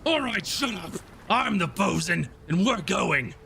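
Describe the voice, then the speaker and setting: A man's voice: sits high, very animated, measured pace, creaky, noisy background, voice pushed up, full character voice. A man voicing a bossy crewman who calls himself bosun and barks impatient orders.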